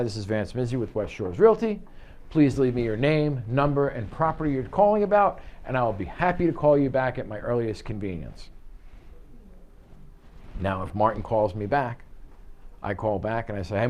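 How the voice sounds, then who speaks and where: A man coaching real estate agents through cold-call scripts in an office. He talks lively and animated, slipping into quoted voices for each side of a phone call. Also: medium pitch. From United States. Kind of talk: office training talk.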